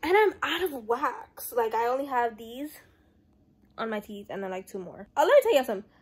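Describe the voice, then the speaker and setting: Young woman vlogger, fairly high-pitched, casual, swears freely, talks straight to camera at home. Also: big pitch swings, brisk, slightly rough. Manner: blunt, swears a lot, slangy and chatty. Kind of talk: casual vlog talk to camera.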